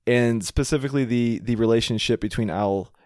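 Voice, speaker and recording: A man's voice: medium pitch, fairly quick, no echo. Chatty man with dry close sound. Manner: relaxed, chatty, repeats words often. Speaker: podcast co-host. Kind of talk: casual chat reviewing a TV show.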